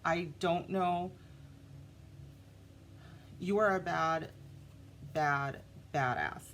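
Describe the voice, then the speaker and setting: Woman tarot reader, a little low-pitched, chatty and animated, faint noise in the recording. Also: very slow. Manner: animated, talks straight to the viewer. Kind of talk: casual tarot reading to camera.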